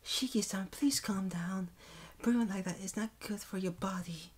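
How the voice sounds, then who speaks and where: A man doing a soft, formal young maid. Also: high voice, normal speed, breathy edge, voice pushed up. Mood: concerned. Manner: quiet, formal and concerned. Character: soft-spoken, polite young maid woman.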